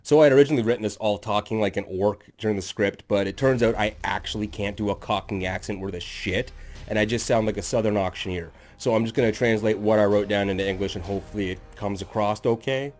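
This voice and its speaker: A man's voice: fairly low pitch, fairly even intonation, quick pace, a little mellow. Sardonic man narrating comedic lore. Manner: sardonic, jokey, self-deprecating. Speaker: lore channel host.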